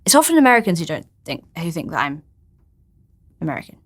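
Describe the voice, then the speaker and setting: Lively, giggly young British woman. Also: deep voice, fast, slightly rough. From Britain. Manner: easygoing, giggly. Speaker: actor, interview guest. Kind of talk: casual interview.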